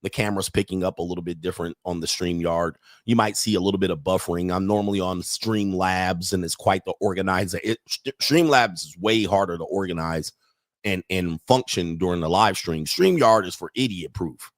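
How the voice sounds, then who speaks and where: A man hosting his own livestream, ranting in a casual, profane and mocking way and filling pauses with "all right" again and again. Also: deep voice, no echo. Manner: keeps saying "all right". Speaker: livestream host.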